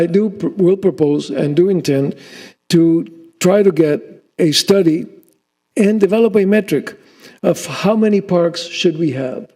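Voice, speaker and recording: A man speaking as city mayor in a formal public address, with a fairly high-pitched but mellow, warm voice. He reads from a prepared text and sometimes stops to restart a phrase or add an unscripted remark. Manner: reads a prepared speech, with restarts and ad-libbed asides.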